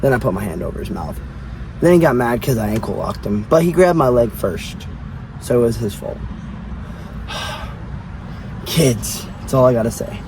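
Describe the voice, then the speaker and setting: A man's voice: medium pitch, animated, a little slow, long pauses. A man vlogging, casually and animatedly retelling a quarrel and quoting the other people's words. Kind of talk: casual vlog storytelling. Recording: distant mic, loud street and car noise.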